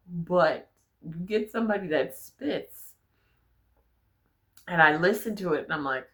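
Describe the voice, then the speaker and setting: A young adult woman with a notably low, deep voice talks straight to camera. Her storytelling is candid and animated, full of casual profanity. It sounds like an unscripted personal vlog. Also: measured pace. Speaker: vlogger.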